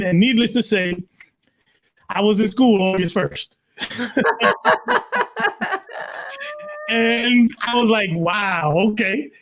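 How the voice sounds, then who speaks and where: A man in his sixties from Brooklyn, a pastor telling his life story in an interview, emphatic and animated, leaning on "literally" and acting out his own quotes. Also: sits high. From Brooklyn, New York. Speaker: pastor, guest.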